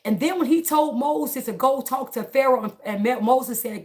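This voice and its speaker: A woman's voice: high-pitched, normal speed, few pauses. A woman livestreaming a casual, preaching monologue, speaking emphatically, repeating her phrases and talking straight to her viewers. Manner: laughs between lines.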